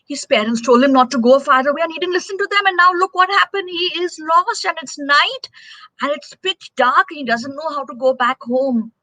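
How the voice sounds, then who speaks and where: A woman tells a story to children, animated and asking them questions as she goes. Her voice is high and bright. The sound is close and dry. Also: normal speed, dry recording, low-quality recording. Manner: animated, asks kids questions.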